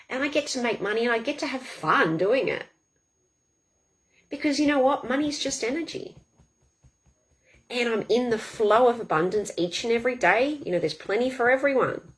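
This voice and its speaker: A woman guiding a tapping session, saying affirmations aloud in a slow, deliberate rhythm. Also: on the high side, lively intonation. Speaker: tapping coach. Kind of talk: guided tapping demonstration.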